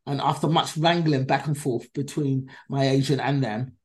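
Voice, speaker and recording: A woman's voice: very deep voice, moderate pace. A woman comedian telling a story as a podcast guest, acting out each person's lines and swearing freely. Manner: animated, acts out dialogue in different voices. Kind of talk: conversational storytelling.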